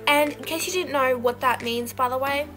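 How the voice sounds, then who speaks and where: A woman's voice: sits high, fairly quick. A young woman co-hosting a casual gaming vlog, bubbly and rambling with lots of fillers. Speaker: channel co-host. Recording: music playing behind.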